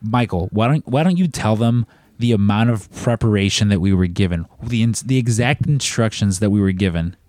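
A man hosting a podcast, rambling through a profane, animated story in casual chat, his voice a bit strained. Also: on the low side, fairly quick, no echo. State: strained, tired voice. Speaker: podcast host.

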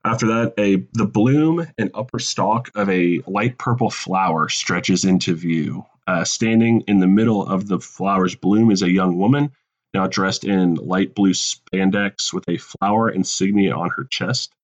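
A low-voiced man talks through a pitch for a cartoon sequel, scene by scene, in an easy, joking way. The recording is a bit dull and lo-fi, like a home podcast mic. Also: a little slow. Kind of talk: casual comedic storytelling.

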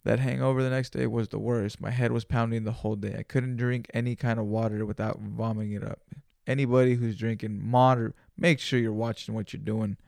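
Gravelly, laid-back young man. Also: mid-range voice, level tone, fairly quick, darkish tone, no echo, clean studio sound. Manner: loose and profane, laid-back slang. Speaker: podcast host. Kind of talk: solo casual storytelling.

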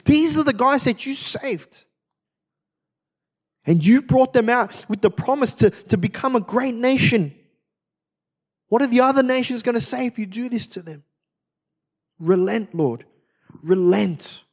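A man's voice: sits high, takes it slowly, vocal fry, mellow, slightly rough, pitched above the performer's own voice, full character voice. A man voicing the prophet Moses as a grown man urgently pleading, in an earnest, imploring tone.

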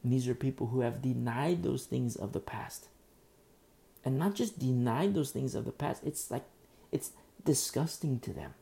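A male pastor preaching a sermon in a dark, mellow voice with a gravelly fry. He repeats phrases for emphasis and often stumbles and restarts mid-sentence. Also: mid-range voice, moderate pace. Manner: repetitive, emphatic, with frequent restarts.

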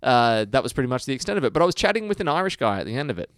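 An Australian man chats on a podcast, wandering through a long anecdote in a loose, easygoing way. His voice sits at a middle pitch. The recording is dry and close, with no room echo. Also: very animated, racing, fairly bright tone, clean tone. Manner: rambling anecdotal storytelling. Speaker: podcast co-host. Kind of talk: casual chat.

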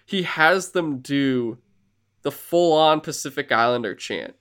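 A man co-hosting a casual podcast, excitedly rambling through a recap with swearing and lots of fillers. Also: fairly high pitch, measured pace, smooth. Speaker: podcast co-host.

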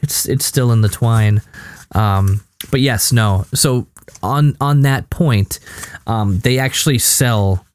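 A man's voice: medium pitch, slow, smooth. A tired man co-hosting a casual podcast, recapping a show in a rambling way with many fillers and restarts. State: worn out. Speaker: podcast co-host.

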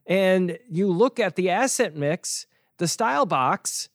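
A man with a fairly high voice talks casually as a host, explaining things step by step. His asides turn sarcastic and he chuckles often. The sound is dry and close. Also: expressive, takes it slowly, dry recording. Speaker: podcast host and financial educator.

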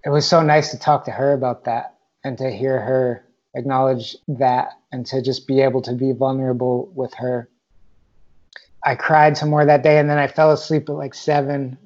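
Brief: candid, reflective male storyteller, even-toned delivery, slightly dull lo-fi recording. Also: medium pitch. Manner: candid, reflective, swears casually. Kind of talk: personal storytelling monologue.

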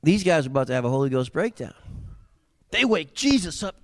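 A male pastor preaching an animated sermon, moving between quiet asides and loud, yelling passages. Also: fairly high pitch, brisk, no room sound, clean studio sound.

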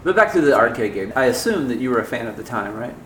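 A man's voice: mid-range voice, big pitch swings, fast, a bit bright, echoey room, slight background noise. A man hosting a casual chat, asking questions and laughing often. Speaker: podcast host.

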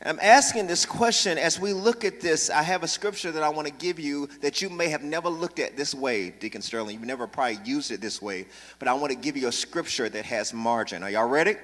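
Pastor, man, bright high voice, passionate sermon, big reverberant hall. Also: a little fast. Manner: call-and-response preaching, building to loud, passionate delivery. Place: church sanctuary.

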